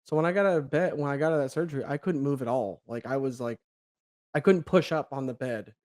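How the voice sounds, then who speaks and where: A young man tells a personal story as a podcast guest, acting out the other people's lines and laughing along. He talks casually and swears freely, with a voice of ordinary male pitch. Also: quick pace. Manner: animated, acts out quoted dialogue, laughs, swears casually.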